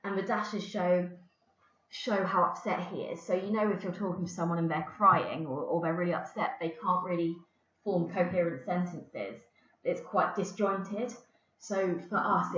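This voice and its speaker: A woman's voice: on the low side, steady tone, normal speed, fairly bright tone. A woman English teacher giving a recorded lesson, explaining patiently with the odd filler. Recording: roomy, dull lo-fi recording.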